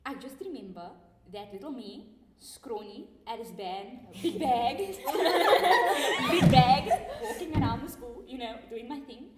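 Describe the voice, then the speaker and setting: A woman's voice: on the high side, slow, hardly any pauses. A teenage woman, co-hosting a student podcast and telling a story with laughter and lots of expression. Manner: laughs through her story, lively and expressive. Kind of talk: animated storytelling. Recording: echoey room.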